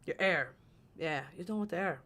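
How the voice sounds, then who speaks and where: A woman's voice: lowish voice, normal speed, fairly bright tone, lightly acted. A woman streamer voicing a scheming female poison witch who tells fortunes, rambling and playfully mean in character. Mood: mystical. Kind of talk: in-character livestream role-play.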